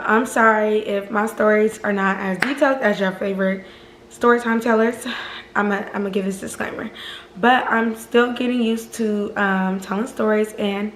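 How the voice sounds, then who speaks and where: A woman's voice: mid-range voice, a little hiss or hum. Female storytime vlogger, casual and profane, mid-range voice, reverberant room. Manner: animated, profane, keeps addressing viewers as "y'all". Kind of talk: casual storytime chat to viewers. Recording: roomy echo.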